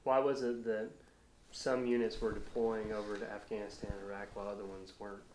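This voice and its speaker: A man's voice: fairly low pitch, flat delivery, brisk, darkish tone. A man interviewing a veteran for an oral history, asking brief, plain follow-up questions. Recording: roomy echo.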